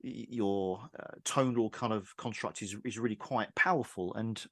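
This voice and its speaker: A man's voice: lowish voice, moderate pace, no echo, studio quality. A man hosting a podcast interview, asking questions with hesitant restarts and lots of listening sounds. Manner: warm backchannel, frequent "mm" and "yeah", hesitant restarts. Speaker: podcast host. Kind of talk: casual interview chat.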